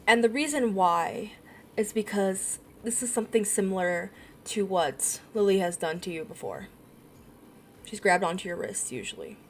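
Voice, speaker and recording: A woman running a tabletop role-playing game, narrating scenes in a giggly, halting way with many fillers. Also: mid-range voice, lively intonation, slight background noise. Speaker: game master.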